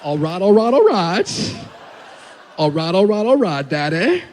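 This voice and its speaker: A man's voice: high-pitched, animated, takes it slowly, a bit bright, slight background noise, heavily acted. A man voicing his three-year-old son as a playful, blunt little boy who draws out his words in sing-song toddler talk, in a stand-up set. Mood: drawling.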